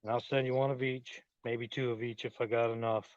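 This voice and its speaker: A man's voice: mid-range voice, level tone, a little fast, no echo, highs cut off. A man hosting a casual live-stream garden tour outdoors, chatting with viewers in a rambling, friendly-plain way while filming on a phone or camera. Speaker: garden channel host. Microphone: phone or camera on a tripod, then handheld while walking.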